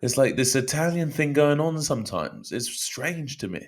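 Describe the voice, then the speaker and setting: A man's voice: medium pitch, very animated, normal speed, crowd noise. A man co-hosting a casual sports podcast, teasing his co-host in a dry way.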